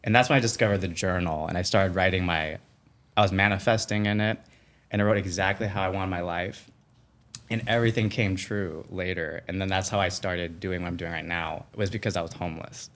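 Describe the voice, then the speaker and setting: A man guesting on a podcast, telling a personal story in a casual, animated way, full of "like" fillers and acted-out quotes. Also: low voice, brisk. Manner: animated, acts out quoted voices, many "like" fillers.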